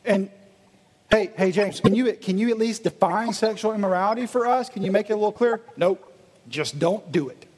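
A man preaching to his congregation in a lively, animated way, often acting out the voices of his listeners. His voice sits high and a little husky. The sound has a long reverb from a large gym used as a church hall. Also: fast. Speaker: pastor. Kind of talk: sermon. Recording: echoey hall.

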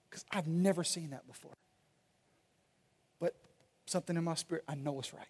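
A male pastor preaching a sermon and reading scripture aloud, swinging between loud and soft delivery. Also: a little high, a little fast, long pauses, breathy edge. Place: church sanctuary. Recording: long reverb of a large hall.

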